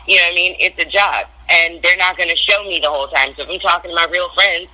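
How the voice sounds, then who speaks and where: A woman's voice: fairly low pitch, fast talker, bright, forceful tone, rough recording. Brash, blunt woman telling stories. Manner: brash, profane, blunt storytelling. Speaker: reality TV guest. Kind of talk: casual phone interview. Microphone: phone call.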